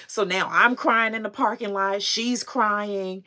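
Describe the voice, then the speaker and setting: A woman's voice: medium pitch, steady tone, measured pace, hardly any pauses, bright, forceful tone. Earnest woman telling a heartfelt story. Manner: earnest and heartfelt, with laughs and asides to viewers. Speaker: fashion and consignment vlogger. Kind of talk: emotional livestream storytelling.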